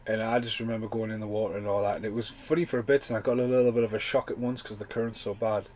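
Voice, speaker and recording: A man's voice: fairly low pitch, steady tone, very fast, a little mellow, a little hiss or hum, rough recording. A man hosting a podcast and commenting on a film while it plays, rambling and swearing in a loose, casual way. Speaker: podcast host.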